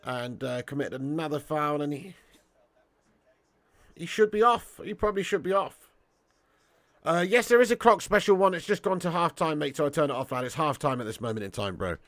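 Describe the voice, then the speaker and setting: A man's voice: on the high side, animated, normal speed, a bit bright, dry recording. A British man hosting a live football watch-along, chatting casually and reading out viewer comments. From Britain. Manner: chatty, laughs often, calls viewers mate and lad.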